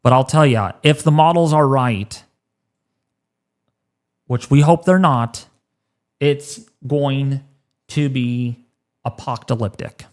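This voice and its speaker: A man in his thirties hosting a weather livestream, choked up and halting, repeating words as he talks. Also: medium pitch, a little mellow. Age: 30s. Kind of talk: emotional livestream talk.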